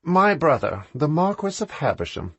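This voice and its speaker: High, exclaiming aristocratic lady, brusque and sharp, done by a husky-voiced male narrator. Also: sing-song, moderate pace, no echo, muffled recording, full character voice. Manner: exclaiming, higher voice.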